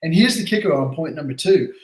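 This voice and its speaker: Fiery American man in an echoey room. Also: a little high. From United States. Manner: energetic, fiery, fast-talking. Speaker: exchange CEO guest. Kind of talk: casual podcast chat. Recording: roomy echo.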